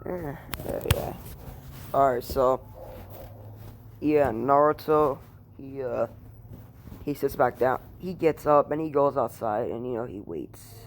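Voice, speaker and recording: Slow and full of long pauses, a medium-pitched male voice retells a fan story casually from a room at home, with slight hiss or hum present. His telling rambles, is profane, and is heavy with filler words.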